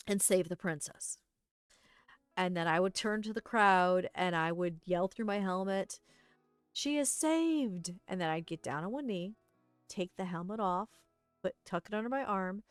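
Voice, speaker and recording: Woman streamer, kinda low voice, chatty and animated, faint music in the back. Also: dry recording. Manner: animated, acts out quoted lines. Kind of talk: casual storytelling while painting.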